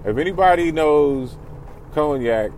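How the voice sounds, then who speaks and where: A man's voice: on the high side, animated, a little slow, darkish tone, a little hiss or hum. Rambling, profane man venting. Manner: rambling, profane, restarts a lot. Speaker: vlogger. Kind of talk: candid personal vlog.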